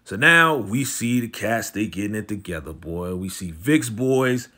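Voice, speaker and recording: A man casually recapping a TV episode, animated and slangy, jumping into the characters' lines as he retells scenes. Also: lowish voice, a little slow. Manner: slangy, conversational, lots of "you know" and "right?". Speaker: TV recap host.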